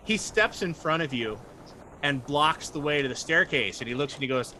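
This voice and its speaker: A man with a bright, fairly high voice narrates as game master, chatty and joking as he sets each scene. A faint hiss runs under his voice. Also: lively intonation, moderate pace.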